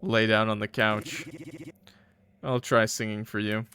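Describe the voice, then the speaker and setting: A man voicing a gruff, blunt young man in a game, curt and swearing. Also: lowish voice, little pitch movement, unhurried, pushed and bright, a little hiss or hum, pitched below the performer's own voice. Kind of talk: reading game dialogue aloud.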